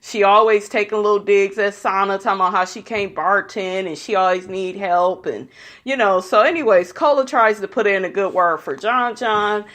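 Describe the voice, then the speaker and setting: A woman's voice: medium pitch, normal speed, fairly bright tone. A woman giving a casual, profane, gossipy recap of a reality show episode, blunt and opinionated about the people in it.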